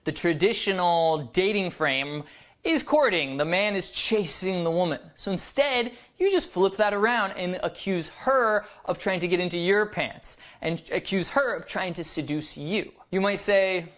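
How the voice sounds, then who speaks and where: A man's voice: high voice, animated, normal speed, fairly bright tone. A man presenting a dating advice video, explaining steadily and acting out sample lines in playful voices. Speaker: dating coach.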